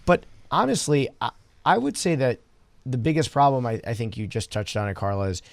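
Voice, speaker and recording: A man, a real estate broker, talking in a relaxed casual panel chat and telling stories. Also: mid-range voice, brisk, gravelly, dry recording. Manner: storytelling, relaxed, repeats words.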